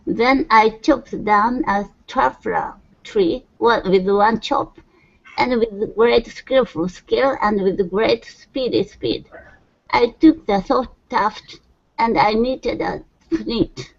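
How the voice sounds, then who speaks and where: A woman learning English, reading a passage aloud slowly and hesitantly. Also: a little high, expressive, gravelly. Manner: slow, careful, hesitant reading. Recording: distant, muffled lo-fi audio.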